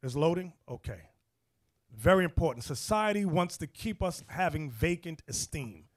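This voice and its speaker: A man's voice: a little high, expressive, moderate pace. A man who leads the group as bishop, guiding the discussion and giving instructions to the others. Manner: directive, acts out quotes loudly. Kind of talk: casual teaching discussion.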